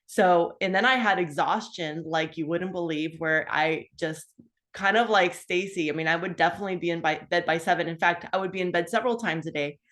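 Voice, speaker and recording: A woman's voice: lowish voice, a little fast. A woman in her fifties telling her own health story in a casual, chatty way, full of asides and fillers. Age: 50s. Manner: animated, acts out her own past dialogue. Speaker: guest sharing a health story.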